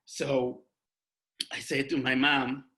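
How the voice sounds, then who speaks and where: A young man giving an emotional personal testimony over a video call, halting and restarting often. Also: mid-range voice, flat delivery, sharp tone. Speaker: guest speaker.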